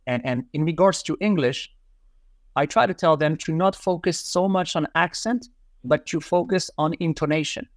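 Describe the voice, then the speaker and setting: A man's voice: fairly high pitch, normal speed, no room sound, studio quality. A man, a language educator answering interview questions in a reflective way, repeating key phrases for emphasis. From Morocco. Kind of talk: casual interview conversation.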